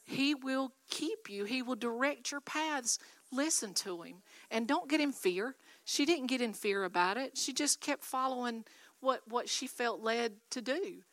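A woman's voice: a little high, unhurried, fairly bright tone, dry recording. A woman preaching a sermon, exhorting her listeners and asking for their responses. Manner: exhorting, call-and-response with audience. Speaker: guest speaker.

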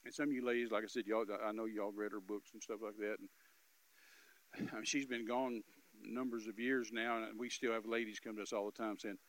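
An older man preaching, telling a story and acting out both voices with rising, loud peaks. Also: on the low side, steady tone, moderate pace, rough recording. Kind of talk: sermon storytelling.

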